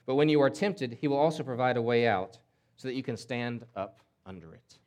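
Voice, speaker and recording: A man's voice: mid-range voice, lively intonation, a little fast, darkish tone. A man preaching a sermon in an emphatic way, often repeating words and acting out quoted voices. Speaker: pastor.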